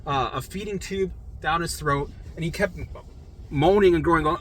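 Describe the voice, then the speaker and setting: A man's voice: fairly high pitch, moderate pace, a bit bright, breathy edge. A young man casually telling a personal story in a blunt way, swearing freely and acting out other people's lines. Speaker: storyteller sharing his recovery.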